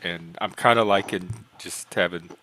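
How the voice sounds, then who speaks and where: A man's voice: deep voice, moderate pace, noisy background. A man hosting a casual online panel, asking questions and steering who joins. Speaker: host.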